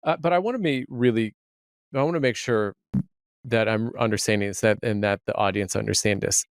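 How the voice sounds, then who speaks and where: Smooth-voiced male podcast host. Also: on the low side, brisk, dry recording, studio quality. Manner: warm affirming, checks understanding. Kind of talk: podcast interview.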